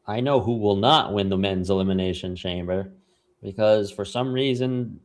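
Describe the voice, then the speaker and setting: Low-voiced man chiming in. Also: moderate pace. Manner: short agreeing interjections. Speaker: podcast co-host. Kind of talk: casual wrestling chat on a live stream.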